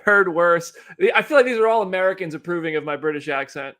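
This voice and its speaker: A man's voice: fairly high pitch, expressive, racing, a bit bright. A man hosting a live stream, giving casual commentary in a rambling, chatty, self-deprecating way. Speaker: livestream host.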